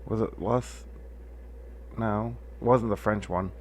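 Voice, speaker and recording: A young man with a lowish voice co-hosting a podcast. He keeps it laid-back and mostly gives short replies, and he laughs easily. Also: fairly even intonation, slow pace, a little hiss or hum. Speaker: podcast co-host. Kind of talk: casual chat.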